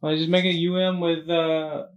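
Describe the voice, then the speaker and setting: A young man co-hosting a casual podcast, chiming in with quick short remarks and easy laughs. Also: fairly high pitch, little pitch movement. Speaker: podcast producer and co-host.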